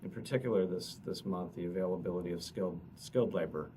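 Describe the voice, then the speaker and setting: A man, an economist, explaining survey results at a press conference in a halting way, often repeating words. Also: sits low, warm tone. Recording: distant mic with noticeable noise.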